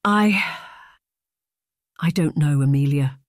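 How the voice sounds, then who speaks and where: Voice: mid-range voice, moderate pace, darkish tone, husky, no echo, natural voice. An anxious young noblewoman on the run, hesitant and doubtful, as an audiobook reader puts her on. Her lines lift a little above the narration. The recording is dry and close.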